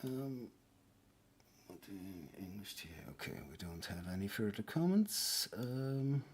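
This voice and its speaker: A man's voice: fairly low pitch, lively intonation, slow, a little mellow, husky. A man with a Swiss German accent giving a casual online pronunciation lesson, hesitant and full of fillers and restarts. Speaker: language teacher.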